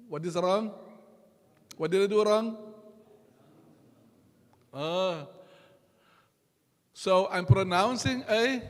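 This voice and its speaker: Guy teaching a class in a mosque hall, fairly high voice, real slow, long echo. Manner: slow, patient, repeats sounds for the class to copy. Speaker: Qur'an recitation teacher. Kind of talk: classroom lesson.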